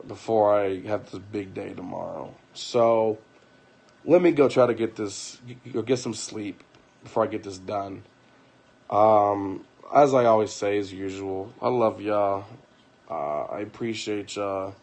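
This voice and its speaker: A young man on a late-night personal livestream, retelling an argument in an animated way, repeating himself and swearing. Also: fairly low pitch, unhurried, vocal fry.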